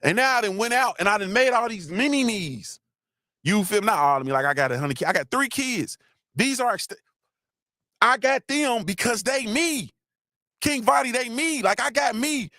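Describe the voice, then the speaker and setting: In a dry, studio-quality recording, a middle-aged man runs a live motivational session at a normal speed and with lively intonation. He keeps repeating himself, lectures his audience, and gives viewers shout-outs, his voice falling low as he becomes emotional.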